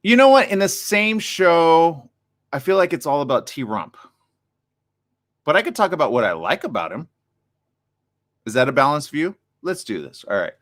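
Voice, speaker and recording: Animated, excitable male talk show host. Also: fairly high pitch, normal speed, long pauses. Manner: reads viewer comments aloud. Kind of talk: live streamed talk show chat.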